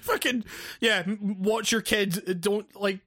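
A podcast co-host chatting casually, excitable and profane, often stumbling over repeated words. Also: medium pitch, takes it slowly. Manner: excitable, profane, stammering restarts.

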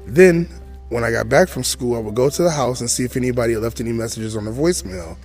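A man's voice: medium pitch, fast talker, darkish tone. Chatty storytelling man, faint music. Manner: chatty, digressive asides to the listener. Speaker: podcast host. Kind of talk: storytelling monologue.

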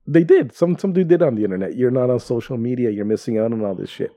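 A man bantering on a casual podcast, swearing freely and ribbing his friends. His voice is warm and mellow, his pitch sits in the middle, and the recording is dry and close. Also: animated, fast, dry recording. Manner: profane, teasing banter. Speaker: podcast co-host. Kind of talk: casual chat.

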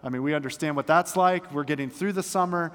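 A man's voice: a little high, fast, a bit bright. A man preaching a sermon as pastor, chatting with his congregation and reading scripture dramatically. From Florida, United States. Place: church sanctuary. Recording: long hall reverb in a church.

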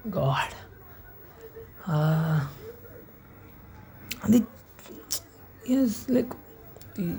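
A woman's voice: mid-range voice, big pitch swings, drawn-out words, gravelly, long pauses, mellow, a little hiss or hum. A woman hosting a solo podcast, rambling and swearing casually, sleepy and yawning as she talks unscripted. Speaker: podcast host.

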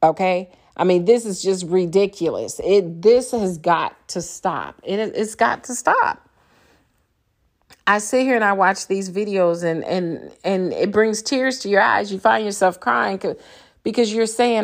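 Woman, grown kids and grandkids, podcaster, angry profane ranting, blunt, middle pitch. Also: measured pace. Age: older. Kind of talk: impassioned monologue.

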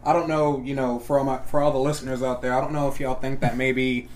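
A middle-aged man co-hosting a podcast, chatting casually in a profane, joking, animated way. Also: mid-range voice, fast talker, a little hiss or hum. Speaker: podcast co-host.

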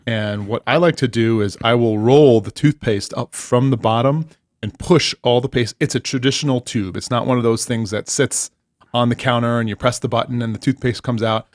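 A man's voice: mid-range voice, fairly even intonation, normal speed, no room sound, clean studio sound. A man co-hosting a podcast, telling a story in casual chat with lots of swearing and exasperation. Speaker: podcast co-host.

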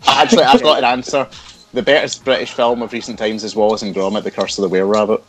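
A man's voice: fairly low pitch, flat delivery, fast, music in the background. A young Scottish man in a casual podcast chat, throwing in contrary jokes and laughing at himself. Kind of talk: casual banter.

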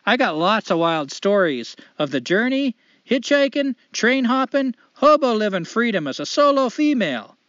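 A man's voice: high-pitched, big pitch swings, moderate pace, a bit bright, dry recording, highs cut off, pitched above the performer's own voice. A man reading a listener's letter in a light put-on Canadian accent, voicing a cheerful, folksy female drifter. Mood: cheery. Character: adventurous female drifter writing in, folksy and upbeat.

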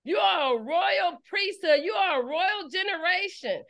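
A woman's voice: very high voice, expressive, measured pace, creaky, fairly bright tone. A woman preacher, delivering a fiery sermon and repeating her phrases for emphasis. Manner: preaching with rising call-and-response intensity, repeats phrases. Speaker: preacher leading an online service.

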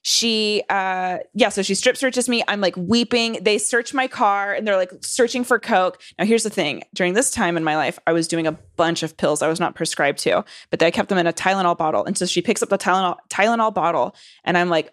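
In clean, dry studio audio, a twentysomething woman from Southern California chats casually through a meandering, foul-mouthed story, fairly quick with few pauses. She keeps restarting and using fillers, and raises her pitch when acting out quotes.

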